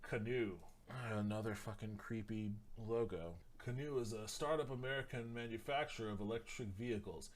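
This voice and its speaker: A man's voice: on the low side, normal speed, few pauses. A man hosting a livestream, reading articles aloud with frequent stumbles and restarts, and breaking off for blunt, profane asides. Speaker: livestream host. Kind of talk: casual livestream commentary, reading news aloud.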